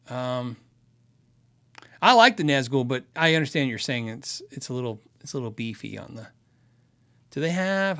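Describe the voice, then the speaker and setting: A man's voice: mid-range voice, big pitch swings, normal speed, pauses often, sharp tone. A man hosting a casual livestream, answering viewer questions about gear in a chatty, rambling way. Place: Arizona.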